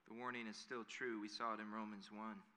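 A man's voice: on the low side, flat delivery, fairly quick, bright, forceful tone. A man preaching a sermon in an earnest way that builds to emphatic declarations. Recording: long hall reverb.

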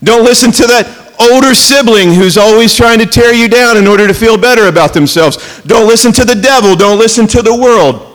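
A man giving a sermon as a pastor, mixing casual storytelling and jokes with emphatic preaching, slowing down to stress key words. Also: very high-pitched, in a large hall. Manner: conversational storytelling with jokes and asides.

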